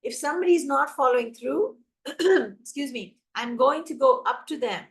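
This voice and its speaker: A woman's voice: high voice, normal speed. A woman giving an emphatic teacher training talk on classroom management, acting out examples as she goes. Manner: energetic, emphatic, acts out examples. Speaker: early childhood educator.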